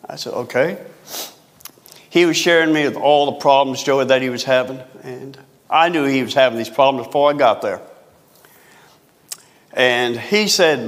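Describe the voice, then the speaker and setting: A male pastor preaching a sermon, repeating phrases for emphasis and stretching key words slowly. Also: mid-range voice, fairly bright tone, big-room sound.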